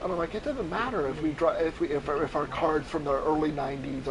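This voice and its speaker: This man streams a flight game while spinning a lengthy, foul-mouthed yarn, animated and rambling in his casual storytelling. His voice is on the high side, and he talks briskly with hardly any pauses over background noise.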